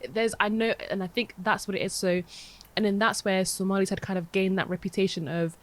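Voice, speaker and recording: A young woman, co-hosting a podcast in relaxed chat and telling a long story full of fillers and restarts. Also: mid-range voice, brisk. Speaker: podcast co-host. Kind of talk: casual chat.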